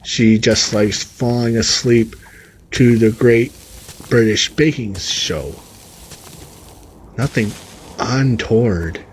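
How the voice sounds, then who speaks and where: Guy reading out a story slow and steady, tossing in sweary sarcastic comments. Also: medium pitch, slight background noise. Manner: profane, sarcastic asides. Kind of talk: reading a story aloud with reactions over gameplay.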